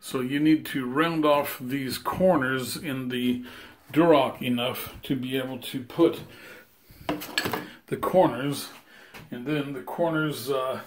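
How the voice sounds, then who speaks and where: A man's voice: mid-range voice, steady tone, slow. A man giving a casual step-by-step how-to walkthrough of his tiling work in a bathroom under renovation, with frequent "uh" and "um". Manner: plain step-by-step explaining, frequent "uh" and "um". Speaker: tile installer.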